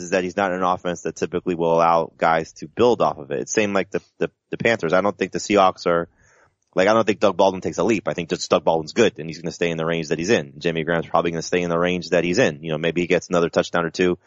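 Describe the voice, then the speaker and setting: A man co-hosting a sports podcast, talking in a rambling, halting way with many restarts. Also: deep voice, dry recording, dull audio. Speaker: podcast co-host. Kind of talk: casual sports podcast chat.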